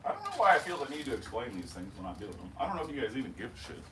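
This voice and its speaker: Working in his home shop, a knifemaker talks to livestream viewers in a laid-back, profane way, mumbling as he goes. He has a mid-range voice with huge pitch swings and a racing pace, heard over noisy workshop audio.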